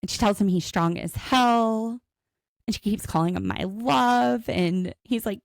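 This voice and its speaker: Gravelly woman recapping a show. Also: mid-range voice, measured pace, no echo. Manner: animated storytelling, acts out quotes. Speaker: podcast co-host. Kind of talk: casual recap chat.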